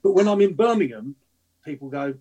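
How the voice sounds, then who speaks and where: Middle-aged guy rattling off stories quick, slightly husky, kinda high. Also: animated, dark tone, lo-fi sound. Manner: rambling anecdotes with restarts and laughter. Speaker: actor guest on football podcast. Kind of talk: casual chat.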